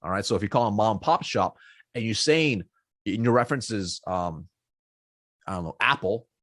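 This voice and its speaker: A man's voice: lowish voice, moderate pace, fairly bright tone, no room sound, studio quality. A man who trains salespeople, teaching in a direct, casual way and checking in with "okay" and "all right" as he goes. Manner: direct, repeats points, many okays and all rights.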